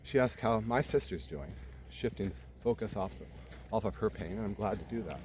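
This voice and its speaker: A man telling a story in casual conversation, animated, swearing freely and acting out the people in it. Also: lowish voice, slight background noise. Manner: animated retelling, swears freely, quick jumps in loudness.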